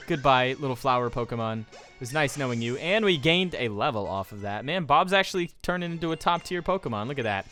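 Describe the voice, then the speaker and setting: Faint game music runs under this young let's play commentator, who rambles and cracks jokes while reading on-screen text aloud. His mid-range voice is animated and fairly quick, with a sharp tone.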